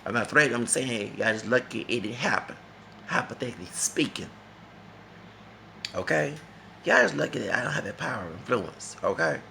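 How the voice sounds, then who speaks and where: A man's voice: medium pitch, animated, brisk, gravelly, pauses often, bright, forceful tone, a little hiss or hum. A man from Texas, talking in a rambling, emphatic casual monologue that repeats itself and slips into Spanish phrases. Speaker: vlogger.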